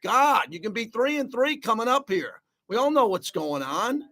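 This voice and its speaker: A man's voice: very high-pitched, very animated, moderate pace, sharp tone. A man hosting a sports talk radio show, ranting bluntly and with heat.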